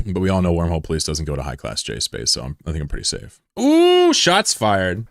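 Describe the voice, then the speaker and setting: A man's voice: extremely low pitch, animated, quick pace, gravelly, dry recording, studio quality. A man streaming a game, chatting casually with viewers in a joking, laid-back, profane way.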